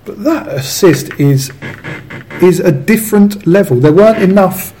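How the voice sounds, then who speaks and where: A man's voice: high-pitched, animated, a little slow, mellow. Enthusiastic man, faint background hiss. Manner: enthusiastic, rambling with restarts. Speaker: podcast co-host. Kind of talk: casual football chat.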